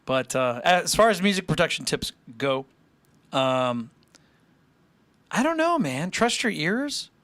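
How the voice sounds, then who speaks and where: Animated young man chatting on a livestream. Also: on the high side, no echo. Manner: rambling, joking, quick to laugh. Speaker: music livestream host. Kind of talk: casual chat with live chat.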